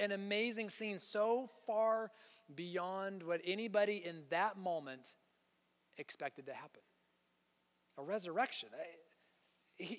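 A man's voice: fairly high pitch, fairly bright tone, in a large hall. A pastor preaching an earnest sermon, reading scripture aloud between his explanations.

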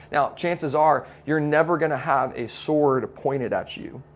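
Gravelly-voiced pastor preaching earnestly. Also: male voice, on the high side, lo-fi sound. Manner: storytelling, earnest, slows down for emphasis. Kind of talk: sermon.

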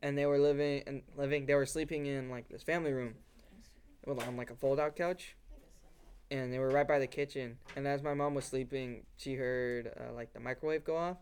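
A man's voice: mid-range voice, fairly even intonation, brisk, darkish tone, smooth. A young man co-hosting a podcast, telling a story in casual chat with lots of fillers and restarts. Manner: rambling with many fillers, acts out sounds and voices. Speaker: podcast co-host.

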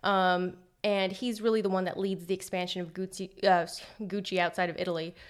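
A woman co-hosting a podcast, telling a story in a playful, jokey and animated way. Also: fairly low pitch, a little fast, smooth. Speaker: podcast co-host. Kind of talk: casual conversational storytelling.

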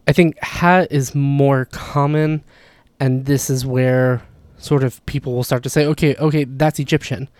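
A man's voice: mid-range voice, unhurried, no echo. Chatty man explaining language points. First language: not Arabic. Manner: relaxed, chatty, frequent "like" and "you know" asides. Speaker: language teacher. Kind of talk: casual explanatory lesson.

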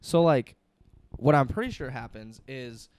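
A young man trading stories in a casual chat, cursing often and acting out what others said. His voice is mid-pitched and the sound is dry and close, with no room around it. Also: unhurried, no room sound. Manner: swearing, animated storytelling with quoted asides.

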